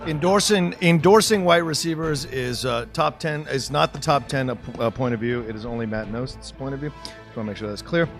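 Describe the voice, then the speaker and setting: A man's voice: medium pitch, brisk, faint music behind. A man taking part in a fantasy football draft, rambling with fillers before announcing his pick. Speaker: draft participant.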